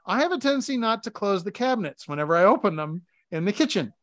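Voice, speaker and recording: A married man co-hosting a podcast, chatting casually and telling animated stories where he acts out domestic arguments. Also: sits high, quick pace, background noise. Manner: animated storytelling, acting out arguments. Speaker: podcast co-host. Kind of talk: casual chat.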